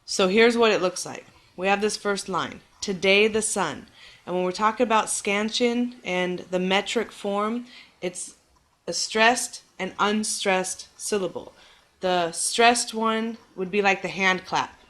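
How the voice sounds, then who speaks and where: A woman teacher giving a recorded lecture, explaining patiently and clearly and reassuring her students, exaggerating the stress on words when she demonstrates rhythm. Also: medium pitch, measured pace, fairly bright tone.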